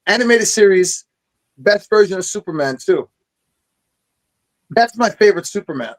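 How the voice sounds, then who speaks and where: An excited man telling stories in casual chat, swearing freely as he talks. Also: high-pitched, moderate pace, low-quality recording. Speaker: podcast host.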